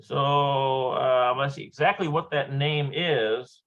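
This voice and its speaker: Slow, hesitant man going over vocabulary. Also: medium pitch, fairly even intonation, a bit bright, highs cut off. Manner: hesitant, thinking aloud, checking pronunciation. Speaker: Hebrew lesson presenter. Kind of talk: working through a vocabulary lesson aloud.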